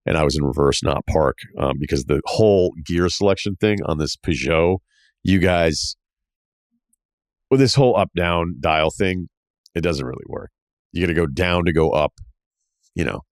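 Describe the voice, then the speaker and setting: A man's voice: low-pitched, moderate pace, long pauses, no echo, studio quality. A man hosting a podcast, telling a casual, profane travel story and acting out the things people said. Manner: profane, self-mocking, acts out quoted dialogue. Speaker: podcast host.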